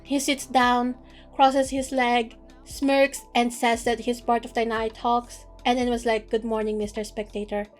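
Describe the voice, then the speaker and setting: A woman's voice: on the high side, monotone, soft background music. Playful slangy woman recapping a novel. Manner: playful, slangy, quotes characters in quick asides. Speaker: book reader and recapper. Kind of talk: casual chat recapping a novel.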